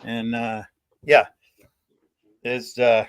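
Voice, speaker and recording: A man's voice: medium pitch, monotone, drawn-out words, smooth, rough recording. A man hosting a livestream, chatting casually in a rambling, profane way. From New England. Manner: rambling, profane, swears freely. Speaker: livestream host. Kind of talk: casual chat.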